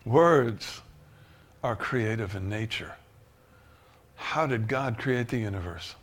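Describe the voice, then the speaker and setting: A man preaching a sermon as pastor, emphatic, swinging from loud rises to soft asides. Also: lowish voice, expressive, takes it slowly.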